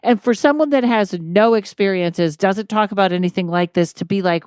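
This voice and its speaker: A woman's voice: mid-range voice, moderate pace, few pauses, darkish tone, clear, resonant tone, no room sound. Chatty woman podcast host, dry close sound. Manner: chatty, laughs often, acts out quotes. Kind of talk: casual chat.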